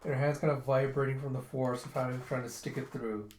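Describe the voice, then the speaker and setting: A man's voice: mid-range voice, level tone, fast, a little mellow, a little hiss or hum. A man chattily retelling a comic book as a casual reviewer. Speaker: manga reviewer. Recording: echoey room.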